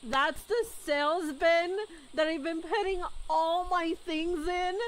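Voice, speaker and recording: Excitable high-voiced woman streamer. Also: takes it slowly, few pauses, slight background noise. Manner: excitable, squealing, laughs often, swears casually. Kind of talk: casual gaming stream chat.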